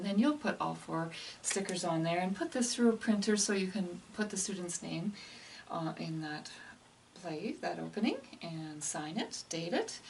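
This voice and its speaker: A woman's voice: mid-range voice, far from the mic, a little hiss or hum. A woman explaining how to teach piano pieces and slurs to other teachers, in a chatty instructional way. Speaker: music teacher trainer. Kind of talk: casual instructional walkthrough.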